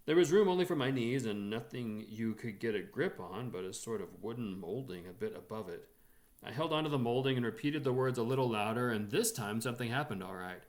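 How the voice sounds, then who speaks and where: Speaking at medium pitch, this reader narrates a short story aloud, keeping his storytelling expressive and measured.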